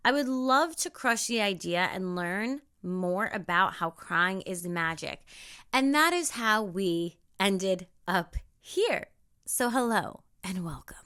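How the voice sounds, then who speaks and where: A young woman hosting a solo spiritual self-help podcast, animated and swearing freely. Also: on the high side, takes it slowly. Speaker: podcast host.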